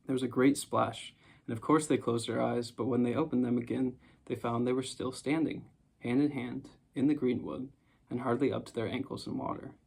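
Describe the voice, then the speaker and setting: A man narrating a storybook chapter in a calm, measured reading. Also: medium pitch, vocal fry, breathy edge. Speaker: audiobook narrator.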